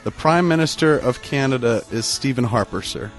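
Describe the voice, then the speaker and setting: A man hosting a casual podcast, teasing his guest with quick, laughing banter and frequent swearing. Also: medium pitch, lively intonation, over loud music. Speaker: podcast host.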